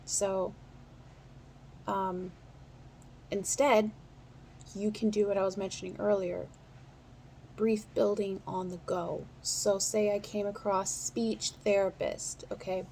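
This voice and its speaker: Speaking directly to her viewers, a woman leads a casual, chatty stenography practice lesson at a quick clip. Her mid-range voice is level in tone and slightly mellow, with a bit of hiss or hum in the recording.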